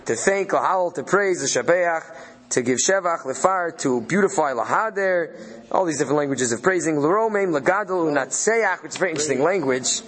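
A man's voice: a little high, expressive, fairly quick, fairly bright tone, husky. A man leading a study session, reading out Hebrew phrases and translating them as he thinks aloud. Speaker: Torah study leader.

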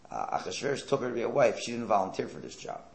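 A man's voice: lowish voice, big pitch swings, very fast, creaky, echoey room. A man giving a religious lecture, emphatic and full of rhetorical questions and sarcastic asides. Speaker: Torah teacher.

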